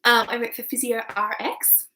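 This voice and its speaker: Young Aussie woman, Pilates instructor, informal and chatty, fairly high voice, roomy recording. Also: little pitch movement, moderate pace, bright, forceful tone. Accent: Australian. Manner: chatty and informal, with many ums. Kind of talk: guiding an online Pilates class. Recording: echoey room.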